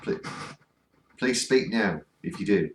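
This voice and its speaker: Slow and expressive, a fairly low male voice with a northern English accent coaxes the spirits during a spirit box session. He's a ghost-hunting vlogger standing in a cold spot, earnestly pleading for replies, and his words reverberate.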